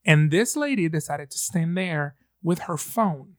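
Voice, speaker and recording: A man's voice: on the high side, measured pace, dry recording, clean studio sound. Man telling stories animatedly. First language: Spanish. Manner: animated storytelling, laughs often, hesitant fillers. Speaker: podcast co-host. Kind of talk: casual chat.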